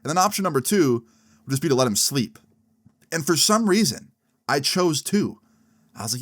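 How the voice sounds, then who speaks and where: A man telling a story in a casual vlog, chatty and animated with lots of slang fillers. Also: on the high side, moderate pace, long pauses.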